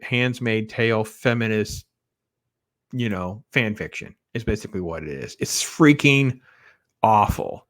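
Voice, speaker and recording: A man's voice: medium pitch, fairly bright tone, no room sound. Blunt man rambling through a movie review. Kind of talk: casual spoiler review monologue.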